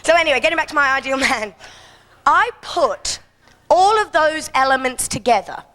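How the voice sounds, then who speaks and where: A woman's voice: high-pitched, animated, normal speed, sharp tone. A woman performing a bawdy stand-up comedy routine on an outdoor festival stage. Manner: bawdy, brash, punchy delivery. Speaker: stand-up comic.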